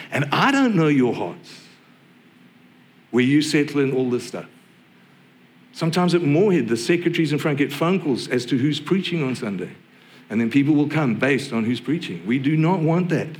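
A middle-aged man delivers a sermon in an easy, conversational way. His voice sits in a plain middle pitch, and he slips light humour and playful asides into the teaching. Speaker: pastor.

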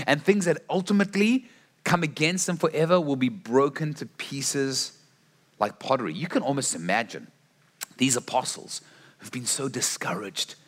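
A man's voice: medium pitch, expressive, normal speed. A man preaching a sermon in an earnest storytelling way, often restarting his phrases.

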